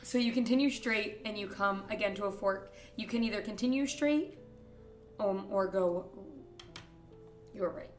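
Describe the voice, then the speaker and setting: A woman's voice: medium pitch, moderate pace, reverberant, soft background music. Woman casually running a tabletop game. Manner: casual, filler-laden narration with frequent "um" and "like". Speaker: game master.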